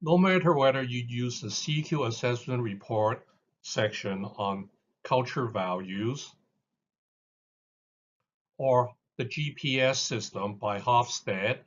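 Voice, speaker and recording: Man, lecture narration, measured, mid pitch, dull lo-fi audio. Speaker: instructor.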